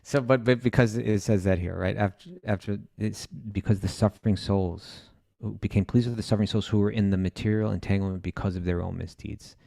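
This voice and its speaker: Low gravelly man guiding a chat. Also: fairly quick, hardly any pauses, no room sound, studio quality. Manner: relaxed, chuckles between lines, steers the talk. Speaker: podcast co-host. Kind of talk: casual spiritual discussion.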